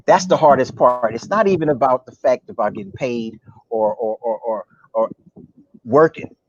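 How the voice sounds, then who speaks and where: A man's voice: mid-range voice, normal speed, dull audio, a little hiss or hum. A man, a comedian, chatting casually in an interview, rambling through jokes and stories. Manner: jokey, rambling storyteller.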